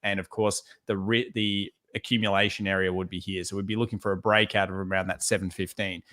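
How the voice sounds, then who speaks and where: A man co-hosting a live trading show, talking through charts in a relaxed way and repeating words for emphasis. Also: deep voice, brisk. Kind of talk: live market analysis chat.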